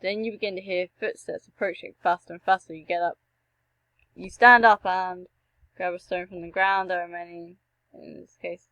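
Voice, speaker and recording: A woman's voice: on the low side, normal speed, no room sound, poor audio. Young woman reading a text game aloud. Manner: animated, joking asides, swears at the game. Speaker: gameplay streamer.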